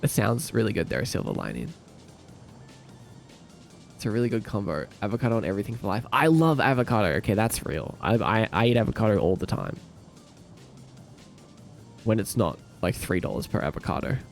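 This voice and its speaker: A young Australian man with an Australian accent casually chats on a live stream, reading comments and joking around with silly impressions. His lowish voice is very animated and brisk, with vocal fry and frequent pauses, and faint music sits in the background.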